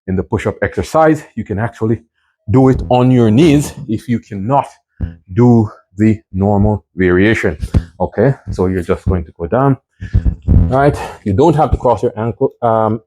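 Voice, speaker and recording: A man's voice: lowish voice, moderate pace, warm tone, rough recording. A man coaching a home workout while doing it, counting reps aloud and checking in with "right?" and "okay?", his voice strained from exercising. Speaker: fitness instructor.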